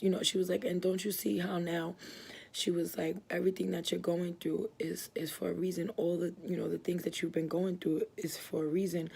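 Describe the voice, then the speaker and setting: A church member gives a personal religious testimony in a gravelly, husky woman's voice that sits low and is a little mellow. She is earnest and rambling, with lots of fillers and restarts, and grows moved and emotional as she tells her story.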